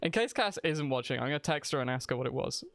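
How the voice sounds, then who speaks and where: A man's voice: mid-range voice, lively intonation, fast talker, fairly bright tone. A man streaming a video game, chatting casually and rambling as he thinks aloud, often restarting his sentences. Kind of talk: casual live-stream chat while gaming.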